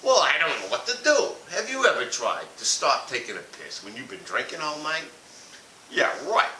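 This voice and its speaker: A man's voice: on the high side, wildly swooping pitch, moderate pace, pushed and bright. A man telling a blunt, profane comic rant about a family vacation. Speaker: comedic ranter. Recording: echoey room from far off with hiss.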